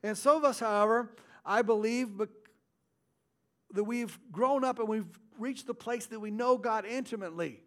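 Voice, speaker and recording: A man preaching a sermon as pastor, his delivery swinging between loud stresses and hushed, intimate asides. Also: high-pitched, moderate pace.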